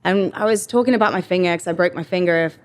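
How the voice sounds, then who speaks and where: A young woman with an English accent talks through her work as an actor in an easygoing interview. She speaks in a lowish voice and tells her stories with an animated, chatty manner, often slipping into quoted lines. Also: quick pace. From England. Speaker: actor guest. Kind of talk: casual interview chat.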